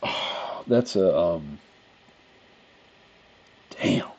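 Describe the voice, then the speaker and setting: A man streaming his own live trading session, talking to viewers, swearing often and muttering to calm himself between trades. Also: deep voice, very slow, husky, muffled recording. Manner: calms himself down out loud.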